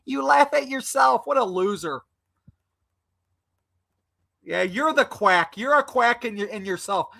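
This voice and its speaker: On a live video call, a male stream guest angrily insults a troll, repeating himself as the argument heats up. His high-pitched voice is animated and unhurried, with vocal fry and a pushed, bright quality.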